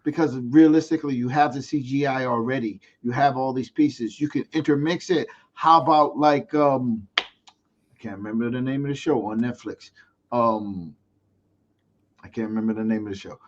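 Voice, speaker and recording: Guy rambling excitedly on a podcast, keeps losing the word, dull lo-fi mic. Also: mid-range voice, moderate pace. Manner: excitable, searching for words, animated outbursts. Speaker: podcast co-host. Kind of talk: casual group chat. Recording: dull lo-fi sound.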